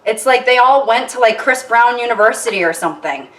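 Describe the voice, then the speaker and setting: A woman's voice: a little high, expressive, a little fast, fairly bright tone. A young woman talks through her cooking in a loose, self-mocking ramble, full of little fillers and asides. She's picked up from a distance by a camera set on the counter, so her voice sounds far away. The home kitchen around her adds a roomy echo. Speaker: YouTuber. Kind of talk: casual cooking vlog chat. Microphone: camera tilted down on the counter.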